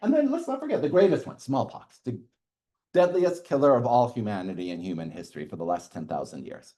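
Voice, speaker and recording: A middle-aged man lectures a university class, his pitch swinging widely as he explains. He chuckles at his own asides and keeps checking in with the room. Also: fairly quick. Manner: lively, chuckles often, checks in with "okay".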